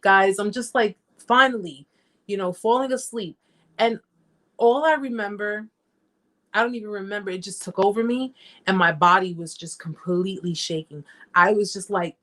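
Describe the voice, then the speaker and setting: A woman hosting a live chat, speaking at a middle pitch in a casual, unscripted way. She reads viewer comments aloud and answers them directly. She repeats her points for emphasis. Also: a bit bright. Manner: emphatic, repeats phrases, talks straight to viewers.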